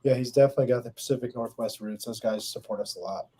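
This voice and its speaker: Mellow laid-back man chatting. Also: medium pitch, quick pace, breathy edge. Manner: laid-back, laughs often, asks guests questions. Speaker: podcast co-host. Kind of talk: casual chat.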